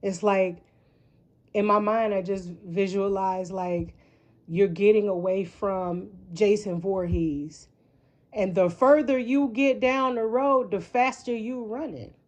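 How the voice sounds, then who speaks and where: A woman's voice: medium pitch, steady tone, slow pace. A woman giving a casual tarot reading, rambling and frank, swearing freely and often asking "right?". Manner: rambling, frank and profane, with frequent rhetorical "right?". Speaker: tarot reader.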